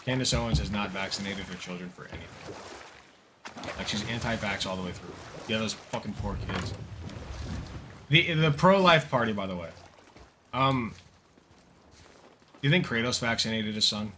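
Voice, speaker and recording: A man's voice: lowish voice, moderate pace, pauses often, background noise. A young man streaming a game, riffing in rambling, profane jokes as casual commentary. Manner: rambling, profane, joking riffs. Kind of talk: casual livestream commentary while gaming.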